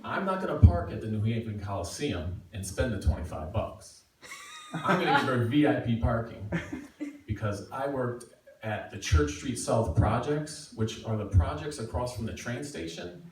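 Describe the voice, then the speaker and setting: A middle-aged man telling a personal story live, self-mocking and animated. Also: mid-range voice, moderate pace. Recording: echoey room, far from mic, faint noise.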